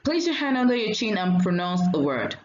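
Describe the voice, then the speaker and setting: A woman teacher giving a diction lesson, saying each word slowly and clearly and repeating it for learners. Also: medium pitch, big pitch swings, echoey room, highs cut off, slight background noise.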